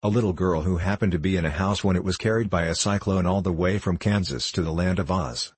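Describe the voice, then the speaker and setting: A man's voice: low voice, fairly quick, breathy edge, no echo. A man reading as a formal, earnest tin emperor. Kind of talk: audiobook reading.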